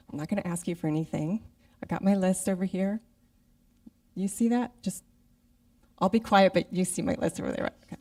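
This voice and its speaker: A woman's voice: lowish voice, normal speed, long pauses, dark tone, distant mic. A middle-aged woman giving a conversational sermon as guest speaker, acting out her own inner voice. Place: church sanctuary.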